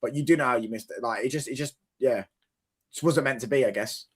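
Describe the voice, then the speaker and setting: A man's voice: medium pitch, fast talker, a loud crowd. A young man co-hosting a football watchalong, quizzing and teasing his co-host in slangy casual chat.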